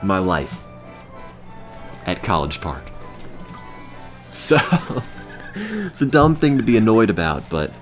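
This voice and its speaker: A young man streaming live in a deep, deadpan drone that turns sour and ranting when he gets annoyed. His pitch still jumps up and down a lot within that low register. There is faint music in the background. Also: slow pace, long pauses. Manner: deadpan monotone, with bursts of exasperated ranting. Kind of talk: casual chat on a live stream.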